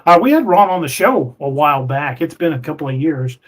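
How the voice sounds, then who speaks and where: A man hosting a podcast, reading viewer comments aloud in a relaxed, chatty way. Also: a little high, fairly quick. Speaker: podcast host reading live chat. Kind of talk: casual live-stream chat.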